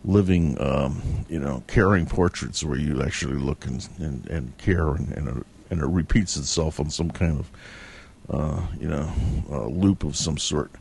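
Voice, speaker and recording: Man, very low voice, casual storytelling, meandering, reflective. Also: moderate pace, vocal fry, a little mellow, husky.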